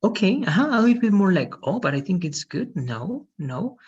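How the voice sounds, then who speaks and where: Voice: mid-range voice, big pitch swings, moderate pace, darkish tone, breathy edge, highs cut off. An English teacher running an online lesson, patiently correcting students' pronunciation. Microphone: video call.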